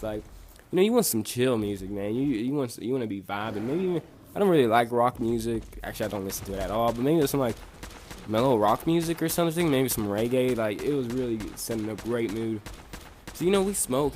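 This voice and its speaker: A man's voice: medium pitch, darkish tone, a little hiss or hum. Laid-back young man rambling through a story. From Bosnia. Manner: laid-back, rambling, profane, lots of fillers. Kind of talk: casual story vlog.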